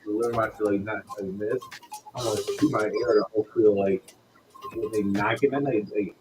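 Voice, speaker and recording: A man's voice: on the low side, steady tone, brisk, music in the background, rough recording. A man playing a tabletop game who talks hesitantly and rambles with many fillers. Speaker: player. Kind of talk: casual play at a tabletop game.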